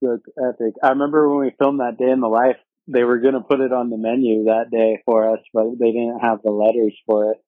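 A man hosting a podcast, relaxed and slangy, laughing along with his guest. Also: mid-range voice, brisk, few pauses, no echo. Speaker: podcast host. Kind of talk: casual chat. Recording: phone-like dry sound.

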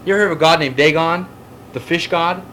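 A middle-aged pastor teaches a Bible study, emphatically pressing listeners with rhetorical questions and fielding questions from the audience in a preaching lecture. He talks fast, with a fairly high, bright, forceful voice and a little hiss or hum in the background.

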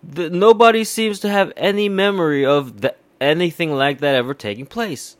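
A man's voice: on the high side, moderate pace, no echo. A man from India giving a heated, profane political rant, swearing often and repeating himself. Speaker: commentator.

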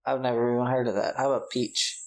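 A man's voice: medium pitch, flat delivery, quick pace. A man co-hosting a casual movie-review chat, rambling and hesitant, with many filler words. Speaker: podcast co-host. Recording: roomy echo.

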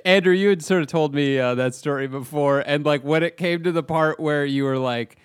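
A man co-hosting a podcast, chatting in an amused, relaxed way. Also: on the high side, fairly quick, smooth, dry recording, studio quality. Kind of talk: casual chat.

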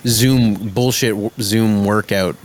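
A man in casual chat, halting and repeating words at a slow, laid-back pace. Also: lowish voice, fairly even intonation. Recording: noisy with clicks.

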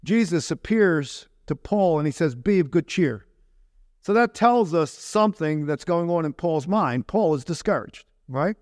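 Fairly high-voiced man preaching a sermon. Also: animated, measured pace, darkish tone, no room sound, clean studio sound. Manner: conversational preaching with rhetorical questions. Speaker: pastor.

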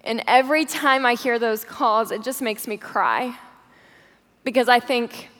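A woman's voice: fairly high pitch, fairly even intonation, a little slow, a bit bright. Woman telling a heartfelt story in a hall. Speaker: guest speaker. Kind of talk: storytelling sermon. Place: large church auditorium. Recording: long hall reverb.

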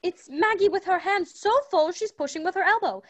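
A woman's voice: very high voice, fairly quick, no echo. A woman voicing a fussy, doting wife and mother who talks in a gushing, coaxing way, as in a radio play. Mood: impatient. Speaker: Mrs. Fountain.

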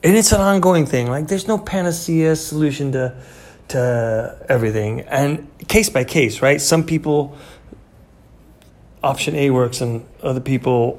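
A man's voice: a little high, darkish tone. A man in his fifties talking in a rambling, conversational monologue as a podcast host, full of fillers and restarts. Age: 50s. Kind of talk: casual motivational monologue.

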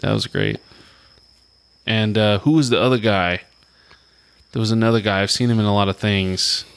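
A man chatting casually among friends, animated and laughing, retelling movie scenes. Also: moderate pace, vocal fry, smooth. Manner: animated, laughing, breaks into high put-on voices for quotes. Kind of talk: casual chat.

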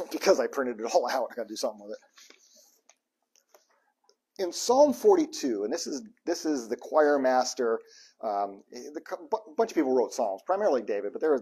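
Lively, husky-voiced man preaching. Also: medium pitch. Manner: lively and joking, acts out the psalms' cries to God. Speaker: pastor. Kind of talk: conversational sermon.

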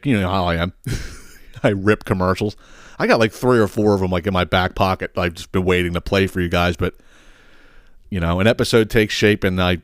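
A man's voice: medium pitch, no echo, clean studio sound. A man hosting a podcast, ranting in a casual, comic way, swearing a lot and breaking into laughs as he tells stories. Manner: profane, exasperated storytelling with frequent laughs. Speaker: podcast host. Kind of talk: casual comedic rant.

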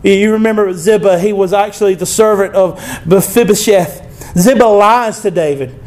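High-voiced, emphatic man preaching a sermon. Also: normal speed, a little mellow. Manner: emphatic, conversational, with frequent asides and call-outs to the congregation. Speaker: pastor.

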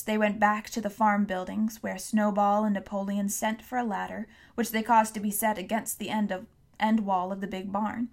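A woman reading a classic novel aloud as audiobook narrator, telling the story steadily and clearly. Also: medium pitch. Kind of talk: scripted narration.

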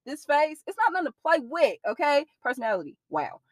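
A young woman in an interview, telling a personal story in a blunt, profane, animated way. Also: sits high, brisk, no room sound, clean studio sound.

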